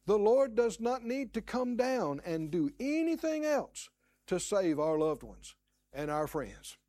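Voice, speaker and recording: A man's voice: high voice, big pitch swings, a little slow, dark tone, no room sound. A man preaching a sermon, emphatic, repeating key words and acting out the prayers he quotes.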